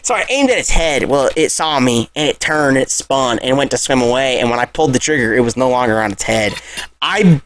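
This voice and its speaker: A man's voice: mid-range voice, a little fast, slight background noise. A man co-hosting a casual podcast in a barn, telling a hunting story with lots of swearing and acted-out reactions. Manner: animated storyteller, swears freely, acts out his own reactions. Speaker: podcast co-host.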